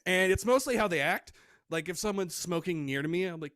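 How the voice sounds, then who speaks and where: Male stand-up, self-deprecating, animated, bright and high, dry close home mic. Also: a little fast. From Michigan, USA. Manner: animated, self-deprecating, acts out quoted voices. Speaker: stand-up comedian. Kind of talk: stand-up set over video call. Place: home room.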